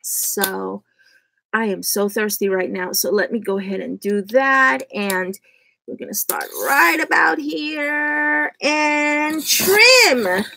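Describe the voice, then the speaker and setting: A woman's voice: sits high, slow, gravelly, sharp tone, slight background noise. A woman hosting a live crafting tutorial from home, chatty and often laughing at herself. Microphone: USB desk microphone.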